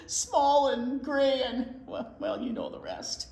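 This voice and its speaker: A woman, a children's librarian, reading a picture book aloud to young children and pausing to talk about the pictures. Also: sits high. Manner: unhurried, expressive reading to young kids. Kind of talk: children's read-aloud storytime. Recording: roomy echo.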